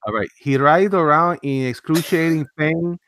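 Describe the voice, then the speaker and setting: A man hosting a casual comedy podcast, reading odd news aloud with mock drama and excitable asides. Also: on the high side, normal speed, slight background noise. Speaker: podcast host.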